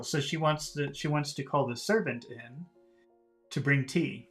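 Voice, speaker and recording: A man teaching English, reading a novel aloud and explaining vocabulary in a relaxed way, with many fillers and restarts. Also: medium pitch, a little slow, soft background music.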